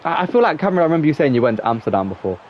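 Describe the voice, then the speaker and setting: A man's voice: fairly high pitch, very animated, racing. English guy rambling to chat while he plays, kinda dull lo-fi mic, bit of hiss. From England. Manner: rambling, chatty, talks to viewers. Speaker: gaming streamer. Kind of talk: casual chat while playing a football game. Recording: slightly dull lo-fi mic with faint noise.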